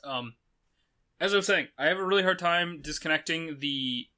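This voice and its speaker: A man's voice: a little high, normal speed, bright, forceful tone. A man hosting a let's play, giving casual gameplay commentary in a rambling way with many fillers and casual swearing.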